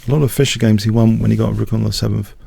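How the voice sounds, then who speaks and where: Low gravelly man calling chess moves. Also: steady tone, racing, warm tone, no room sound. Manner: mutters chess moves in short clipped phrases. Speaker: chess streamer playing blitz. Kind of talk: live thinking-aloud chess commentary.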